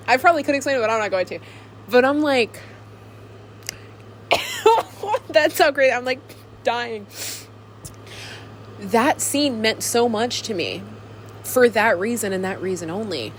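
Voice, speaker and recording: Young woman rambling to her camcorder, giggly and super animated, a bit of faint hiss behind her. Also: mid-range voice. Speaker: vlogger. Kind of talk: casual chat to camera. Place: alone in a room.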